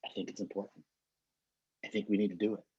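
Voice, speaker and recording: A man's voice: on the low side, flat delivery, fast talker, warm tone, husky, no room sound. A middle-aged man, a trainer, telling a motivational story in an earnest way, often repeating and restarting words. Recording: dull, muffled lo-fi recording.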